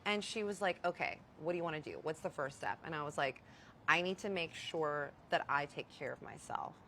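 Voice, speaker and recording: A woman's voice: low-pitched, fairly quick, slight background noise. A young woman telling a personal story in a casual vlog, emphatic and acting out the quotes of the people in it. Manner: animated, emphatic, acts out quotes.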